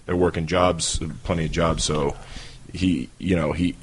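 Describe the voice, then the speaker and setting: Man, New York accent, very deep voice, laid-back storytelling, podcast guest. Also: a little slow, a little hiss or hum. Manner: relaxed storytelling with fillers. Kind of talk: casual interview talk.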